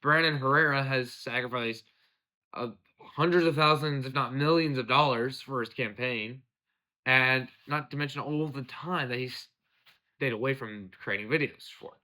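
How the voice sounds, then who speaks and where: A man's voice: medium pitch, moderate pace, bright, forceful tone. A young American man hosting a casual political commentary show, rambling and drifting off on tangents. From United States. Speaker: podcast host.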